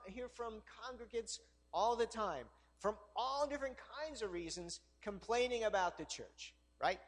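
A male pastor preaching a conversational, joking sermon in church, often checking in with the congregation with 'all right?'. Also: high voice.

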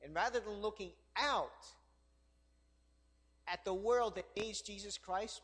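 A man preaching a sermon in a church in a high voice for a man. His delivery is conversational and teasing, with half-joking asides and frequent 'all right?' tags to the congregation. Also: takes it slowly, pauses often, fairly bright tone, slightly rough. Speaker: pastor.

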